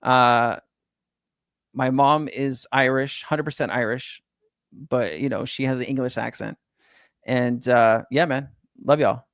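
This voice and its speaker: A man's voice: medium pitch, fairly even intonation, takes it slowly, pauses often, a bit bright, no room sound, clean studio sound. A middle-aged man from California hosting a crypto livestream, chatting casually with viewers in slangy, swearing banter. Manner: laid-back slang-heavy, swears, says man and bro. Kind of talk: casual livestream chat reading viewer comments. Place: home in Hawaii.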